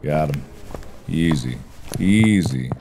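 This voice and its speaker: A male gaming host talks his way through a horror game with a lively, swooping voice. He reacts out loud to everything on screen, yet his speech stays slow and drawn out. A steady hiss of noise sits behind him. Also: extremely low pitch. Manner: excitable, reacting aloud while playing a horror game. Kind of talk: let's play commentary.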